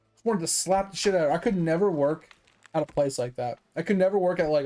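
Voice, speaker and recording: Profane ranting man, slightly high voice. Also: darkish tone. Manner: profane, fired-up storytelling; chatty, with many fillers. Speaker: gaming streamer. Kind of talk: casual livestream rant.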